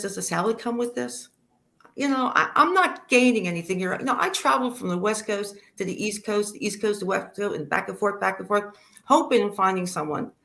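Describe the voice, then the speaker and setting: A woman works through a stand-up set of dry one-liners, leaving pauses for the jokes to land. Her voice sits at a middle pitch. She is recorded over a video call. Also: fairly bright tone. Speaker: stand-up comedian. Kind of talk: stand-up comedy routine.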